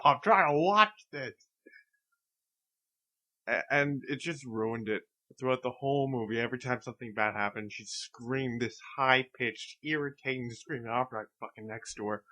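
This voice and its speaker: A man's voice: mid-range voice, sharp tone. A young man co-hosting a podcast in casual chat, venting with curses. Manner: venting, profane. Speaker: podcast co-host.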